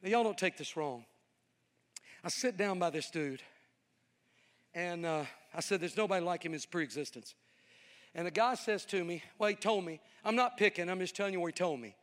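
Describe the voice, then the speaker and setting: A male evangelist preaching a sermon with animated, folksy, joking storytelling to a live audience. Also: high-pitched, moderate pace. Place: large hall with audience. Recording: reverberant hall.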